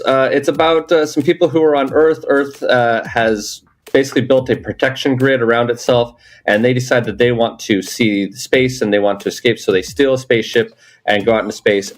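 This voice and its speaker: Joking male podcast host in a hotel room. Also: mid-range voice. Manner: loose, joking, lots of fillers. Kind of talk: casual chat.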